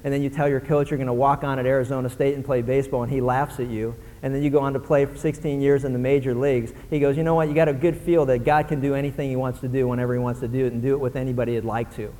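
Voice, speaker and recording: Animated preacher man in a reverberant hall. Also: mid-range voice, very fast, few pauses. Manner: animated, mimics grumbling voices. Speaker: pastor. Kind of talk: sermon.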